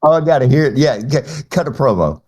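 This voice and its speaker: A man's voice: mid-range voice, lively intonation, a little fast, a little mellow. A man hosting a podcast in loose, chatty talk, with restarts and laughs along the way. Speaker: podcast host. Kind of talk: casual podcast chat.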